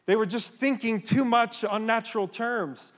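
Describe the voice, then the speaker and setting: Male pastor, higher voice, fervent sermon delivery, long reverb of a church hall. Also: normal speed, a bit bright. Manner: impassioned, rising to emphatic calls. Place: church sanctuary.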